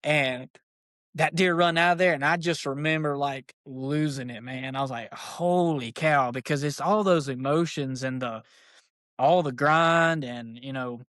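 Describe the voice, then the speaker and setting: A man, a podcast guest, tells a story in casual, excited, rambling speech, full of fillers like "dude". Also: mid-range voice, a little slow, no echo, clean studio sound. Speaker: podcast guest, archery shop owner.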